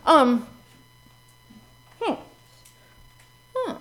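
A middle-aged woman minister giving a reflective sermon with expressive, varied emphasis. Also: a little high, normal speed, long pauses, slight background noise.

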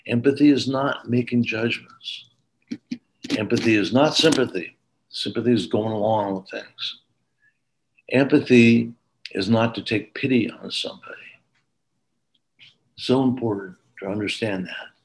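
A man's voice: medium pitch, darkish tone, rough recording. A man giving a training lecture to police officers, earnest and emphatic, with frequent repetition.

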